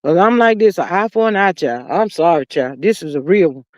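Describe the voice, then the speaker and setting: A woman hosting a livestream, talking casually and animatedly, swinging between loud outbursts and low murmurs. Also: animated, fairly quick, dry recording, studio quality. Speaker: livestream host.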